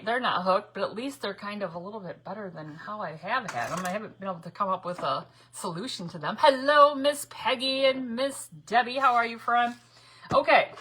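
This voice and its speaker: A woman's voice: medium pitch, sharp tone, a little hiss or hum. A middle-aged woman hosting a casual craft livestream from her home craft room, chatty, laughing often and greeting viewers by name. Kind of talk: casual live-stream chat.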